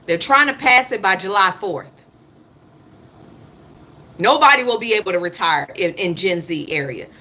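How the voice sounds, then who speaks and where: A woman's voice: mid-range voice, expressive, normal speed, pauses often, pushed and bright. A woman in her thirties speaking African American English, hosting a casual livestream and ranting bluntly, repeating her points and swearing. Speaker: livestream host. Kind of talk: casual political livestream rant.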